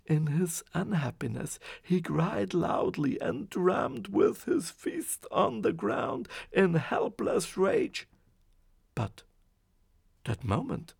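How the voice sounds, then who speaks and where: A man narrating a fairy tale in a slow, expressive reading. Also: sits high, vocal fry, husky, no echo, studio quality. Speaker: storyteller. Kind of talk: storybook narration.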